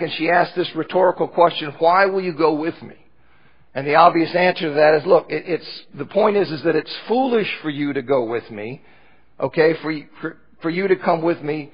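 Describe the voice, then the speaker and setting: A man's voice: fairly high pitch, breathy edge, muffled recording. A man teaching a Bible study in church, explaining scripture passages with frequent restarts.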